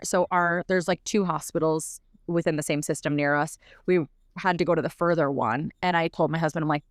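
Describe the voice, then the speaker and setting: A young adult woman telling a personal story as a podcast guest, in a quick, animated way full of filler words. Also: low-pitched, dry recording, studio quality. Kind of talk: casual storytelling.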